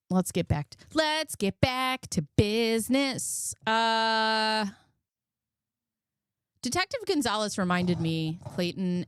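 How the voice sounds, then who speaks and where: Woman, 30s, livestream commentary host. Blunt, chatty, profane. Smooth voice, dry close mic. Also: on the low side, no room sound. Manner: chatty, blunt, swears, thanks viewers.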